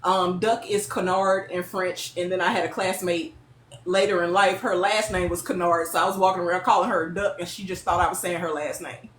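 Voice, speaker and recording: A woman's voice: fairly low pitch, brisk, a little hiss or hum. Chatty laughing woman with a lilt. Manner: lively, laughing, chatty storyteller. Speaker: interview guest. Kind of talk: casual storytelling. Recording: echoey room with faint ambience.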